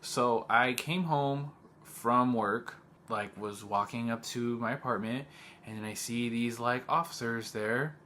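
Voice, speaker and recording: A young teacher narrates a personal story on a casual vlog at a measured pace, his mid-range voice bright and forceful over slight background noise. He comes across as agitated, says "like" heavily, and voices other people's dialogue.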